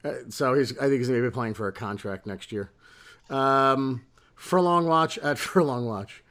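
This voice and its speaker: A man's voice: medium pitch, normal speed, a bit bright. A man co-hosting a sports podcast, casually reading out listener questions and laughing often. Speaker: podcast co-host.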